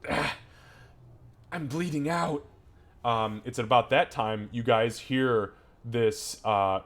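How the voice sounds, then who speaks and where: A man narrating as game master of a tabletop game, casual and profane. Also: mid-range voice.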